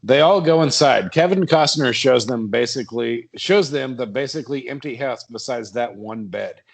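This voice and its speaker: A man's voice: mid-range voice, normal speed, creaky. A man narrating a comedy horror podcast script, often laughing and stumbling over his lines.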